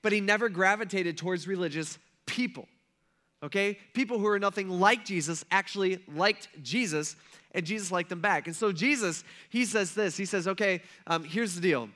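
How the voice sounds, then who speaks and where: Man, pastor, casual conversational sermon, chatty storytelling, bright forceful voice. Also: high-pitched, moderate pace. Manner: chatty storytelling, keeps checking in with listeners.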